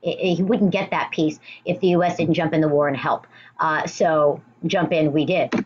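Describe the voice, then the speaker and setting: A woman with a lowish voice teaches a history lesson on video. She is chatty and emphatic, full of restarts and asides. The recording sounds dull, with a faint hiss behind her. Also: fairly even intonation, moderate pace.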